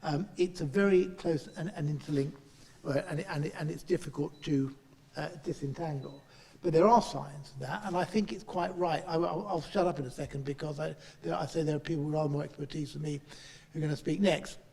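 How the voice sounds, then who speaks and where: Middle-aged male chair, gravelly and halting, recorded with a long echo in a meeting room. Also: fairly high pitch, darkish tone. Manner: halting, with frequent restarts. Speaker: chair and politician. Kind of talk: panel speech.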